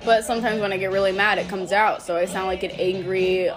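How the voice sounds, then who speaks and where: A woman's voice: medium pitch, little pitch movement, brisk, over music. A young woman hosting a casual podcast, telling stories animatedly with frequent swearing and laughter. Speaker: podcast host. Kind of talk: casual chat.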